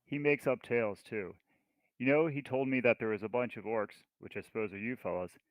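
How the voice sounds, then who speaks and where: A man's voice: medium pitch, fairly quick, no room sound, highs cut off, lightly acted. A man voicing a small, bold female adventurer who bluffs her captors. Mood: cheeky. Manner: cheeky, bluffing.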